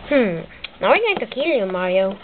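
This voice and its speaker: A woman's voice: medium pitch, moderate pace, lightly acted. A woman voicing a childish, spiteful male plumber who plots against his brother, speaking broken English over a tinny, hissy line. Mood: gleeful. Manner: broken English, excitable narration of a toy skit. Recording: tinny lo-fi with loud hiss.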